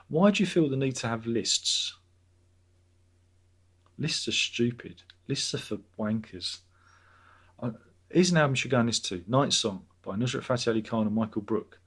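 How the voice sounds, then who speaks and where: A man hosts a casual livestream from home, rambling and reading chat aloud with dry, sardonic asides. His voice is husky and of middling pitch. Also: moderate pace, pauses often, a bit bright. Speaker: livestream host.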